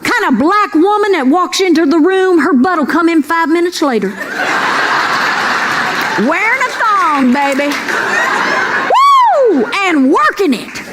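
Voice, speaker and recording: A woman's voice: very high voice, animated, a little slow. A woman comedian doing a folksy, brassy stand-up routine with punchy punchlines on a club stage. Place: comedy club stage before a live audience. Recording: live club audio with crowd laughter and noise.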